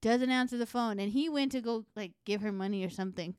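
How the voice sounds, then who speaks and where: A young woman co-hosting a podcast, telling stories in a profane, animated, casual way. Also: fairly high pitch, fast talker, smooth, no echo, studio quality. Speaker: podcast co-host. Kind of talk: casual chat.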